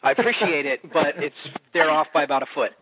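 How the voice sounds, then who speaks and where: A man's voice: a little high, lively intonation, fast talker, breathy edge. Laid-back man on a tinny phone line. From Oklahoma. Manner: rambling, laid-back, trails off and restarts. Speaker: voice actor guest. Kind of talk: casual interview.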